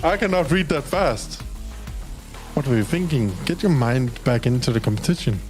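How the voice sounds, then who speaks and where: With a mid-range voice, lively intonation and a normal speed, a young Danish streamer reads out the text of a dating game. He keeps it casual and playful, swears now and then, and talks to his pet. The recording is rough, with soft background music.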